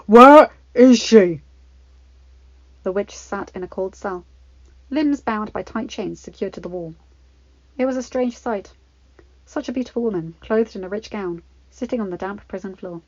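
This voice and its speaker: A woman's voice: mid-range voice, moderate pace, dark tone, no room sound. Woman narrating a story, dry lo-fi. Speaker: fan fiction reader.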